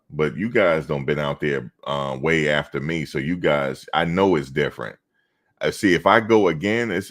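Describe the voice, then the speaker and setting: A man chatting casually on a livestream, telling rambling stories and talking straight to his viewers. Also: very deep voice. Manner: rambling, loose storytelling, talks to chat viewers. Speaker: reaction streamer.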